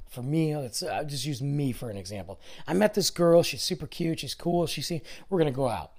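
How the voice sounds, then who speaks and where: A man's voice: on the high side, very animated, moderate pace, vocal fry, darkish tone. A man hosting his own podcast, talking alone in a rambling, grumbling, self-deprecating way, with a nasal, congested voice from being sick. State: congested from illness. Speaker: podcast host. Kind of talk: casual solo podcast monologue.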